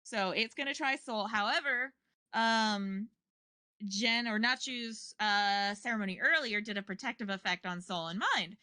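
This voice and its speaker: A woman's voice: medium pitch, unhurried, pushed and bright, dry recording. A woman narrating as game master of a tabletop game, meandering with many fillers and restarts.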